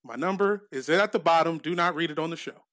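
A man with a fairly high voice co-hosts a relaxed comedy podcast. He reads joke letters dryly and keeps his chat loose. His manner stays easygoing. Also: fast talker. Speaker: podcast co-host.

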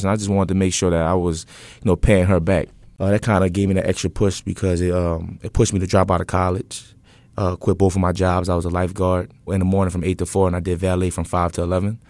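A young man in his twenties with a very low voice tells his own story to an interviewer. He talks casually and earnestly, often pausing on fillers and restarting his sentences. The sound is dry and close to the mic. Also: darkish tone, dry recording. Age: 20s. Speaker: interview guest, entrepreneur.

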